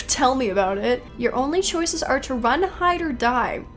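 A woman's voice: high voice, measured pace, a bit bright, faint music behind. A young woman giving casual gameplay commentary, talking to herself in a jittery, anxious way and repeating her worries over and over. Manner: jittery, anxious self-talk, repeating fearful phrases. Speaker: let's play gamer.

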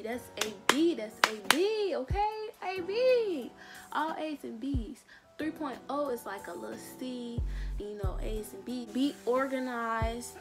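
Sassy, profane teenage girl giving advice. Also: on the high side. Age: teens. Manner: sassy, blunt, slangy and profane; drawls teasing asides like "hun" and "babe". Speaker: vlogger giving school advice. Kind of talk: casual advice vlog.

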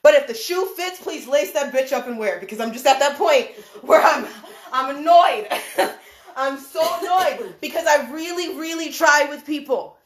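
A woman hosting a heated live stream rant from a room indoors. She is animated and emphatic, laughs often, swears, and repeats her points. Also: high-pitched, moderate pace. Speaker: livestream host, dance choreographer. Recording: echoey room.

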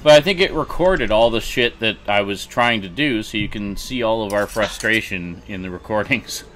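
A man's voice: lowish voice, moderate pace, fairly bright tone, slight background noise. A man hosting a casual livestream chat, swearing freely and exasperated with technical trouble. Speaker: livestream host.

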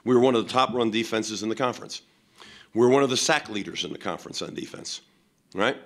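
A man's voice: fairly low pitch, fast talker, fairly bright tone. A man, a head football coach, answering questions at a post-game press conference in a blunt, emphatic way, with many fillers.

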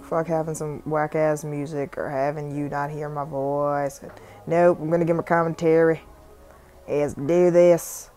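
A woman's voice: low voice, little pitch movement, measured pace, mellow. A young Southern woman from South Carolina, casually narrating a phone screen-recording tutorial in a rambling, profane, chatty way. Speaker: tutorial vlogger and music artist. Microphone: phone microphone.

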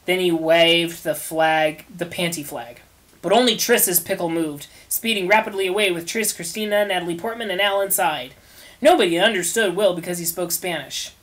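A woman reading an absurd, crude parody story aloud with a deadpan delivery. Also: lowish voice, moderate pace, a little hiss or hum. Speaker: fanfiction reader.

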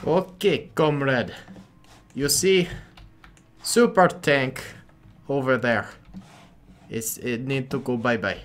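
A man voicing a hammy male Soviet commander in slow, broken English with a mock Russian accent that keeps slipping. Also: mid-range voice, lightly acted. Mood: commanding.

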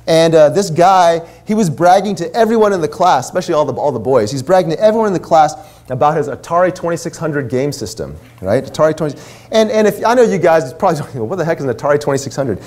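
A man's voice: a little high, lively intonation, fast talker, darkish tone. A man in his forties, a minister, telling a story in a sermon in a casual, chatty way full of asides. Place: church.

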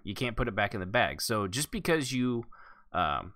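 A man's voice: lowish voice, big pitch swings, moderate pace, bright, forceful tone, dry recording, clean studio sound. A man hosting a casual roleplay podcast, talking in a rambling, candid way and swearing now and then. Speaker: podcast host.

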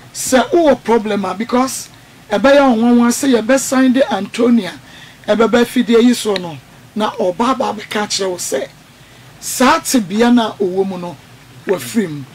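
A woman hosting a call-in radio show, giving calm advice and murmuring along while callers talk. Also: a little high, a little hiss or hum. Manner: calm advice with frequent mm-hmms. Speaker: radio host.

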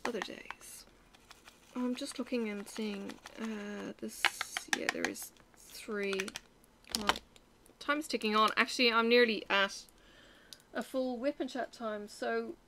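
A woman's voice: on the high side, noisy background. A woman from Ireland with an Irish accent, chatting casually and telling rambling stories while she stitches for her crafting vlog. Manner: rambling, chatty storytelling with frequent fillers. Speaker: crafting vlogger.

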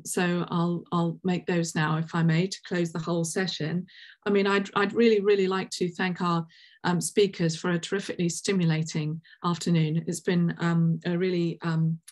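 A woman hosting and chairing a Q&A at an online science seminar, talking with many ums and restarts over a video call. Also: lowish voice. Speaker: session chair and host.

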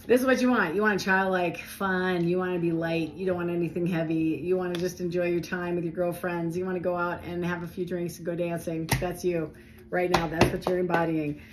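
A woman giving a casual, animated tarot reading, talking straight to her viewers in a chatty way. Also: fairly low pitch, brisk, a little hiss or hum, low-quality recording. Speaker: tarot reader.

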